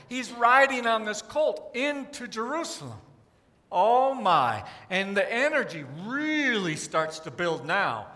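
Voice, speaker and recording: With a bright, high-pitched voice and a slow pace, a pastor tells a sermon story in an animated way, even acting out the cries of the crowd. The long reverb of a church sanctuary rings around him.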